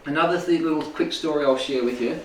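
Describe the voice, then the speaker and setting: In an echoey indoor room, a distant mic catches a man speaking fast in a voice on the high side, with a little hiss or hum. He's a spiritual healing teacher giving a loose, rambling informal talk to a small live audience, peppered with "right?" and "make sense?".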